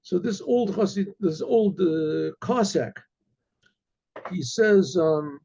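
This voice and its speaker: A man, a rabbi, telling a story in a halting, repetitive way full of asides. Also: sits high, expressive, vocal fry, warm tone, breathy edge, muffled recording. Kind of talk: oral storytelling.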